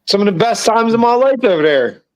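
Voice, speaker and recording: A man, talking in a relaxed, loose way. He co-hosts a casual chat show and swears without a second thought. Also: high voice, brisk. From South Jersey / Philadelphia area. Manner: laid-back, swears casually. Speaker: co-host.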